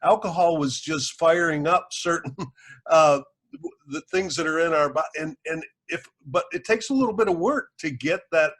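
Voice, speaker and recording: A man hosting a casual podcast interview, relaxed and joking, explaining ideas in plain terms. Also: on the high side, moderate pace. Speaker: podcast host, doctor.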